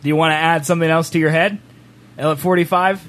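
A man's voice: a little high, steady tone, fast talker, fairly bright tone, slight background noise. A man hosting a casual chat, teasing his co-host playfully and laughing often. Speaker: stream host.

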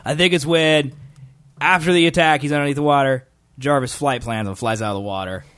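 A man's voice: fairly high pitch, brisk, slight background noise. A young man hosting a casual podcast chat, teasing his co-hosts and laughing often. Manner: teasing, lively, laughs a lot. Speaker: podcast host.

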